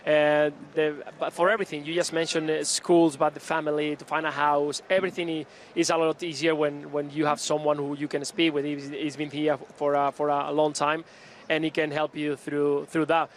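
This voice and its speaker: A man from the club's coaching staff in a live pitchside interview at an outdoor training ground. He speaks earnestly and haltingly, with many restarts and fillers. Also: level tone, slight background noise.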